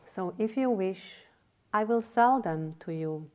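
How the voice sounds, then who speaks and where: A woman voicing a sly elderly man who sells wild ducks in a teaching story, bargaining smoothly. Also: medium pitch, lively intonation, slow pace, warm tone.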